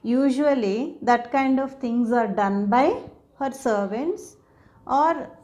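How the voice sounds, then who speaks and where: A woman's voice: on the high side, slow pace, dark tone. A woman explaining grammar to viewers, patiently checking in with "okay?" as she goes. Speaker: English teacher.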